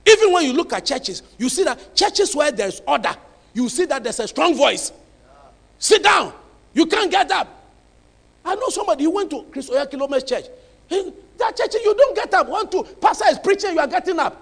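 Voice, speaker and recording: Male pastor; high, animated delivery; emphatic, hushed to shouting. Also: fairly quick, creaky, long reverb tail. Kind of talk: sermon.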